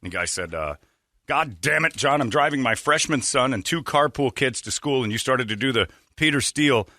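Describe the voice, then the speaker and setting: Lively, bright-voiced male radio host. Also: medium pitch, moderate pace, no echo, clean studio sound. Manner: joking, irreverent, laughs at his own stories. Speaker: radio morning show host. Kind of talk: casual morning radio banter. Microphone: studio broadcast mic.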